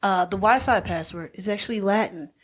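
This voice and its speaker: Woman, casual podcast co-host, animated storyteller. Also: medium pitch, fairly quick, crowd noise. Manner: animated storyteller, acts out characters' lines. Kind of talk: casual chat recapping a movie.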